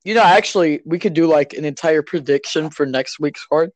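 A young man hosting a podcast, chatting casually and excitedly while coaching a friend through a video game. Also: on the high side, brisk, dry recording. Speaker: podcast host. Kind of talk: casual chat while gaming.

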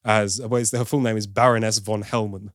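A man's voice: lowish voice, steady tone, brisk, no echo, studio quality. A man giving an opinionated, casual film review as host, now and then mimicking for laughs. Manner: opinionated, playful mimicry of accents.

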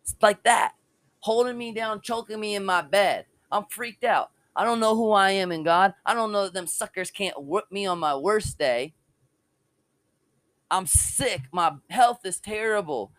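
High-pitched man preaching with passion. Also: a little slow, a bit bright, no echo. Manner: passionate testimony with casual slang. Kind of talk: informal online sermon.

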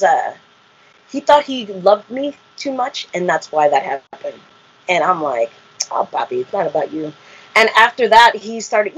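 A woman's voice: mid-range voice, slightly rough. A woman, a reality show cast member, telling her story in an interview, acting out quotes and laughing often. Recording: muffled lo-fi audio.

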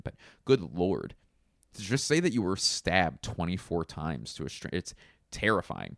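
Man, comedian, very deep voice, smooth and resonant, casual storytelling, lots of fillers. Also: very animated, normal speed, no room sound, studio quality. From Philadelphia. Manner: rambling, loose, full of fillers and restarts. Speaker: stand-up comedian. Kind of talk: casual anecdote telling.

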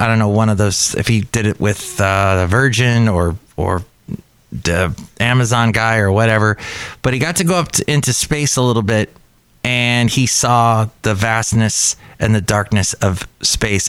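A man hosting a casual solo podcast, rambling and chatty with excitable jumps in his voice. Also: mid-range voice, smooth, dry recording. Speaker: podcast host. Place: cafe.

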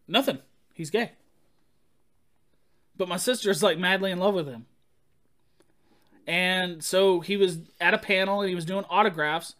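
A man co-hosting a podcast, chatting casually and telling playful stories with quick jokes. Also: high-pitched, fairly bright tone. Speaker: podcast co-host. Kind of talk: casual chat.

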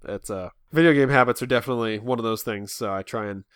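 A man in his thirties co-hosts a podcast, chatting casually and rambling with many restarts and self-mocking asides. His medium-pitched voice is fast with few pauses, and the clean, dry recording is studio quality.

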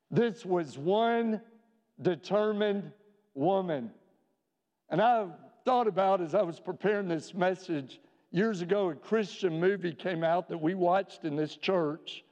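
A male pastor preaching a sermon in a church, earnest, with rhetorical questions and slowing down for emphasis. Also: sits high, darkish tone. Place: church sanctuary. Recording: dull reverberant church recording.

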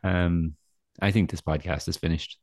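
A man's voice: deep voice, fairly even intonation, normal speed, a little mellow, dry recording, clean studio sound. A young adult man, co-hosting a podcast and telling rambling, self-deprecating stories full of fillers. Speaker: podcast co-host. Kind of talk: casual chat, storytelling.

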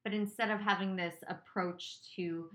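A woman's voice: medium pitch, steady tone, normal speed. Woman musing loosely on a casual podcast. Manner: reflective, rambling with many fillers. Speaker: podcast co-host. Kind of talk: casual chat.

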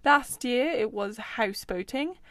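A sociable, talkative male water rat tells his friends about a neighbour, as a woman reading the tale puts him on. The voice sits fairly high and lively, recorded close and dry with no room behind it. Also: measured pace, no room sound. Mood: gossiping.

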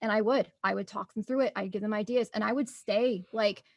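A woman's voice: medium pitch, steady tone, brisk, no room sound. Woman, young adult, bubbly, laughs a lot, casual chat, dry sound.

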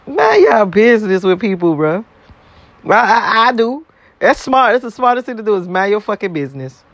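A man's voice: sits high, sing-song, unhurried, fairly bright tone, no echo, lo-fi sound. A man in a casual, blunt, profane rant to his viewers, repeating himself and laughing between points. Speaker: vlogger.

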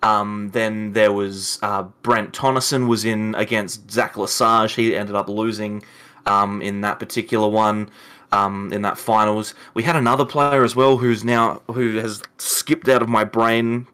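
A man's voice: fairly low pitch, steady tone, a little slow, a bit bright, clean tone. A man with an Australian accent who runs a card game channel, chatting casually on a podcast, rambling and often laughing. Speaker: YouTube channel host, card game player.

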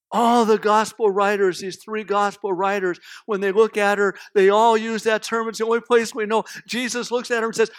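A man with a notably high voice preaching a sermon. He tells the story dramatically, dropping to a hush and then rising to loud emphasis, and acts out the voices in the tale. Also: fairly even intonation, normal speed. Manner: dramatic storytelling, acting out voices, swings between loud and hushed. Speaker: pastor.

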